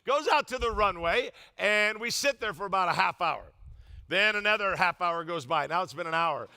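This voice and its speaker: An older man preaching a sermon as pastor, telling funny stories with loud, emphatic bursts. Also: high voice, moderate pace, gravelly. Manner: humorous storytelling, animated, loud emphatic bursts.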